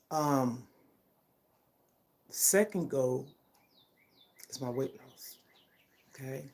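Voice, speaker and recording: With a rumbling low, gravelly yet mellow voice, an older vlogger talks casually and personally to her audience. Her manner is heartfelt and emphatic, and she keeps checking in with her listeners.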